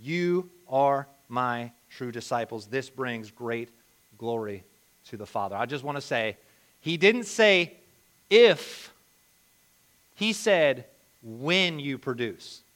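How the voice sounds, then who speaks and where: A man preaching a sermon, telling a lively story and then reading and explaining scripture aloud. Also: medium pitch, a little slow. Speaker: pastor.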